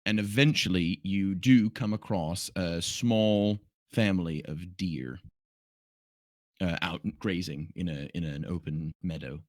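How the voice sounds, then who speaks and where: A game master narrating a tabletop game in an unhurried, playful, descriptive way. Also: sits low, darkish tone, no room sound.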